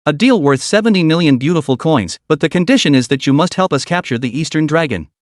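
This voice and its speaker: A man's voice: fairly high pitch, animated, fast, no room sound, clean studio sound, close to an everyday voice. A man voicing a confident, persuasive male spy agent in a comic recap.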